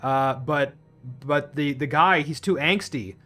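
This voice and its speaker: A man's voice: a little high, slow, bright, forceful tone, faint music behind. A man recapping a film plot in a casual, profane rant, full of restarts and tangents. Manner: rambling, profane, with many restarts. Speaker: film reviewer.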